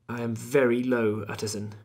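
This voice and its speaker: A man voicing a gloomy, frightened Victorian doctor, speaking low and wearily in a husky voice. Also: moderate pace. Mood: dreary. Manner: low, weary and drearily quiet.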